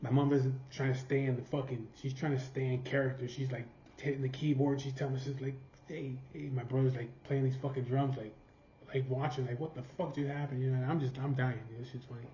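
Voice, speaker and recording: A man's voice: mid-range voice, flat delivery, quick pace, dark tone, slight background noise. A man from California telling a rambling, profanity-filled family story in casual storytelling. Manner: profane, rambling, laughing at his own story. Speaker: vlogger. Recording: roomy, slightly dull sound.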